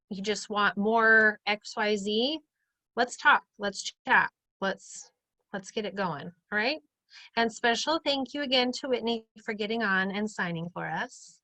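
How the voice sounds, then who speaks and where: Upbeat woman host in her thirties, chatty, bright voice, dry close sound on a video call. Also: mid-range voice, no echo, rough recording. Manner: chatty and upbeat, acts out quoted lines. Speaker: group chat host. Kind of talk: casual motivational group video chat.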